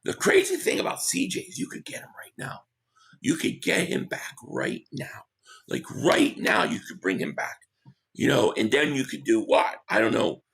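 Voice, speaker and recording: A man hosting a casual live stream, hoarse from losing his voice, who reads out viewer comments and gives blunt opinions. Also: medium pitch, wildly swooping pitch, fairly bright tone. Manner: opinionated, quick agreement with viewers.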